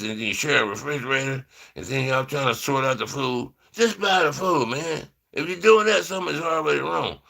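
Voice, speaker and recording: Casting: male vlogger, forceful and gravelly, casual rambling delivery full of "man". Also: mid-range voice. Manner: loose, rambling, peppers talk with "man" and "you know". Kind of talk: rambling casual monologue to viewers.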